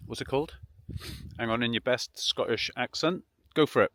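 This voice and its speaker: A man's voice: medium pitch, moderate pace, fairly bright tone, dry recording, studio quality. A man chatting casually as he films a travel vlog beside his campervan, easygoing and full of enthusiasm. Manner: easygoing, chatty, repeats "absolutely". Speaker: vlogger. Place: outdoors beside a campervan on the road.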